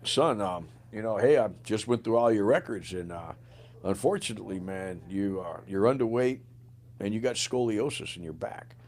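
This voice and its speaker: A man's voice: on the low side, expressive, normal speed, darkish tone, a little hiss or hum. A man voicing a matter-of-fact army doctor who delivers bad news hesitantly. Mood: apologetic.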